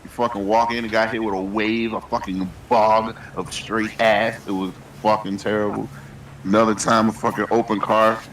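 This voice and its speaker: A man's voice: lowish voice, flat delivery, normal speed, fairly bright tone, a little hiss or hum. Man, slangy and profane, casual stream chat, roomy echo, distant mic. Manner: laid-back, profane, slangy storytelling. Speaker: streamer co-host. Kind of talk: casual chat while gaming.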